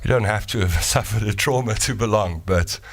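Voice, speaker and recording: A middle-aged man hosting a live talk show, playful and lively as he reads out voice notes. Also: on the low side, fairly quick, creaky, slightly rough. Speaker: host.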